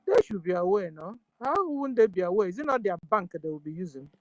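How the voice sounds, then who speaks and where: A woman's voice: mid-range voice, expressive, fast, no room sound, muffled recording. Nigerian lady preaching hard on a call-in, lots of "you understand?" questions, dry close sound. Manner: preaching, rhetorical questions, repeats phrases, mixes in Igbo. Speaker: guest speaker. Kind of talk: impassioned call-in discussion.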